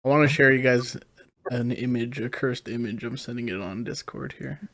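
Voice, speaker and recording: A man's voice: medium pitch, moderate pace, gravelly, a bit bright. A young man co-hosting a podcast, joking and amused. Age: young adult. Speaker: podcast co-host. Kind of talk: casual chat.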